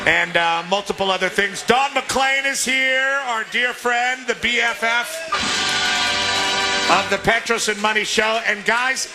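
A man from Southern California hosting a live sports radio remote from a restaurant, joking and often laughing. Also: sits high. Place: restaurant, indoors public space.

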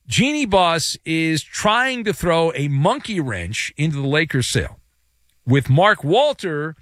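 A man's voice: on the high side, fairly bright tone, no echo, studio quality. A man giving a theatrical, jokey solo sports commentary with big vocal swings.

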